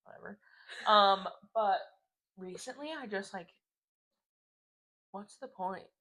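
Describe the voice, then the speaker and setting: A young woman in her twenties co-hosting a podcast, rambling in a loose, chatty way full of "like" and casual swearing. Her voice sits at an ordinary middle pitch. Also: takes it slowly, sharp tone. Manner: chatty, swearing, laughs often, lots of "like"; reads dating app messages aloud in mocking voices. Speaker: podcast co-host. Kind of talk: casual chat.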